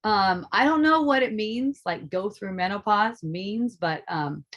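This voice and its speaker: A woman's voice: medium pitch, a little slow, muffled recording. Middle-aged woman, spiritual teacher; loose, profane, laughing delivery. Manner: animated, swearing, laughs often. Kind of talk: casual spiritual talk.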